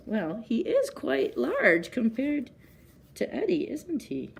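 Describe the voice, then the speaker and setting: A woman librarian reads picture books aloud at story time, stopping gently to ask the children questions. She speaks slowly and carefully. Her voice is very lively, rising and falling a lot. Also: high-pitched, vocal fry.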